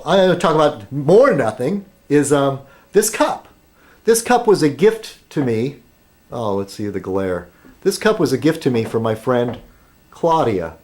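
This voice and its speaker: A man's voice: mid-range voice, a little mellow. An American man rambling through a casual vlog monologue, full of ums and self-deprecating asides, chewing food as he talks. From United States. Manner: meandering, filler-heavy, self-deprecating. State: talking while eating. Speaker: vlog host.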